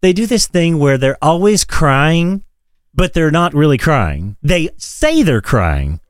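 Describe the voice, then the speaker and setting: A man's voice: on the high side, takes it slowly, smooth, dry recording, studio quality. A man co-hosting a podcast in casual chat, talking from his office with frequent swearing and laughter. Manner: animated, profane, laughs often. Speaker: podcast co-host.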